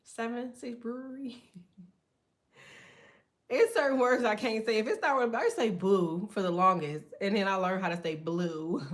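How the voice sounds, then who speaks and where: With a measured pace and mid-range pitch, a middle-aged woman does card readings for viewers. Her chat is relaxed and slangy, full of animated anecdotes and frequent laughs.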